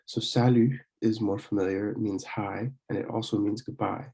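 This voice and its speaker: A young man from Pennsylvania giving a casual recorded online lesson, talking with many fillers and slowing down to demonstrate words. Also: lowish voice, fairly even intonation, creaky, dark tone. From Pennsylvania, USA. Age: young adult. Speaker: student French club teacher.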